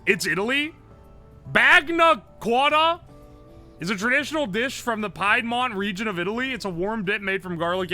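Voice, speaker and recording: Male streamer, very bright tone, excitable, profane, game commentary. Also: sits high. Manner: excitable, profane, thinking aloud.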